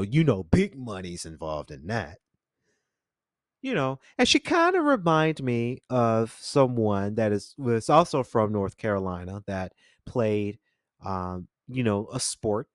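Young male podcast host, lively rambling storyteller, mid pitch, dry studio sound. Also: dry recording. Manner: animated, jokey, rambling with slang. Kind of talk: casual storytelling monologue. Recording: dry close studio mic.

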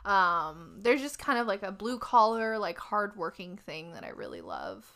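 Bright-voiced, giggly woman chatting. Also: mid-range voice, big pitch swings, moderate pace. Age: 30s. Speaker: podcast co-host. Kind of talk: casual chat.

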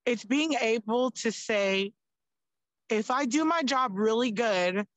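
Young woman podcast guest, chatty and animated, higher voice. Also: slow pace, dry recording, dull audio. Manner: animated, lots of "like", swears freely. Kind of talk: casual chat.

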